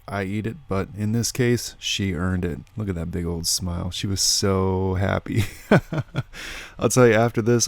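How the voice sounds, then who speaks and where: A middle-aged man hosting an outdoor vlog, talking in a relaxed, upbeat, chatty way. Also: low-pitched, gravelly, no echo. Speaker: host of a foraging and hunting channel. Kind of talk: casual outdoor vlog narration.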